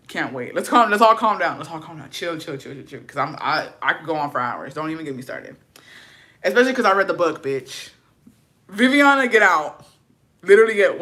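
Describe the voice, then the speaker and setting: A young woman hosting a casual livestream in a bright, forceful voice. She talks loudly and profanely with lots of energy, and sometimes drops into a hushed whisper. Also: deep voice. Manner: loud, profane and animated, swinging to hushed whispers. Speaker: livestream host. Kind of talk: casual livestream chat reading viewer comments.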